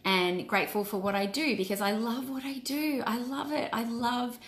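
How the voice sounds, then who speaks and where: A woman's voice: fairly high pitch, fairly even intonation, moderate pace. Earnest woman coach in an echoey room. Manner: earnest and encouraging. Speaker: wellness coach. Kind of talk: casual live-stream talk. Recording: roomy echo.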